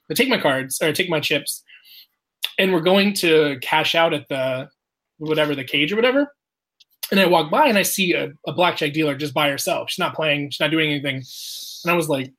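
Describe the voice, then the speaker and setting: Lively storyteller acting out quotes. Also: medium pitch, normal speed, long pauses. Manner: animated, acts out quotes, laughs often, swears. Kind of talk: casual storytelling.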